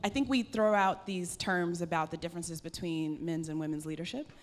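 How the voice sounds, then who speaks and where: A woman moderates an onstage conversation, asking her questions thoughtfully and with some hesitation. Her voice sits low for a woman, and faint noise hangs behind it. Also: steady tone, fairly quick. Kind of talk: onstage festival interview questions.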